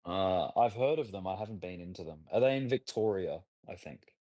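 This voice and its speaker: Australian male host, low-pitched, jokey and relaxed, dry close mic. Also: brisk, dry recording. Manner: joking, laughs often. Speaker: crypto trading stream host. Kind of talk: casual chat.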